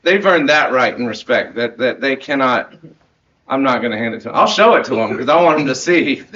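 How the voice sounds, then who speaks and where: A man's voice: medium pitch, sing-song, unhurried, pauses often, lo-fi sound, background noise. A man in his thirties, a marching band director, giving a heartfelt end-of-season speech to his students, earnest and rambling with laughs and restarts.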